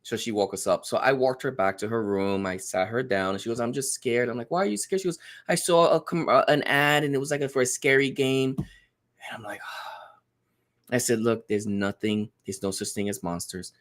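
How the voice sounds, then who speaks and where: A man's voice: medium pitch, a little fast. A man telling a family story in casual podcast chat, acting out the quotes. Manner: animated storyteller, acts out quotes. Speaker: guest.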